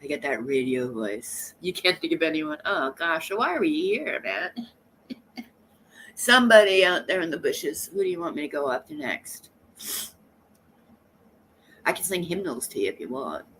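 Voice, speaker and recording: Lively, sassy woman streamer. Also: low voice, normal speed, pauses often, a little hiss or hum. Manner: sassy, teasing, laughs often. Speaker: livestream host. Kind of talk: casual live-stream chat.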